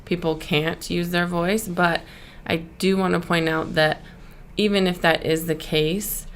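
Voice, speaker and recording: Low, gravelly woman co-host. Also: fairly even intonation, unhurried, a little hiss or hum. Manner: supportive, reflective. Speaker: podcast co-host. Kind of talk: podcast interview.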